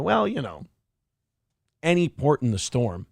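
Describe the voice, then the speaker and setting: Man, gravelly voice, crude mocking host, dry close sound. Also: on the high side, big pitch swings, moderate pace, long pauses, darkish tone, dry recording. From central Minnesota. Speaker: show host reading viewer donations. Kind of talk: casual livestream commentary.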